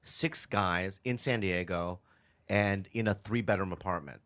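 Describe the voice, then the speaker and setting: A male podcast co-host telling a funny story in casual chat, halting and restarting and laughing into his punchlines. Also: low voice, fairly bright tone.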